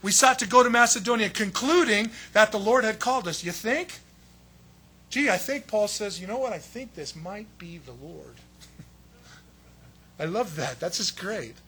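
A man preaching a sermon as pastor, telling the story with lively acted-out quotes. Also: high voice, slight background noise. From United States. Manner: animated storytelling, acts out quoted voices.

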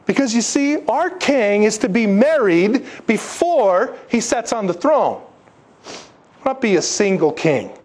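A man preaching a sermon, emphatic and animated, posing rhetorical questions to his listeners and slipping into stories. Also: high voice, unhurried. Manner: animated storytelling with asides. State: congested, needing tissues. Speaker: pastor.

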